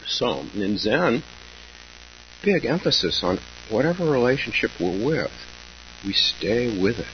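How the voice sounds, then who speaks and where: In this dharma talk, a male Zen teacher speaks at a medium pitch with a sing-song quality, moving slowly and haltingly through his reflections with pauses and gentle laughter. A faint hum runs under the dull, lo-fi audio.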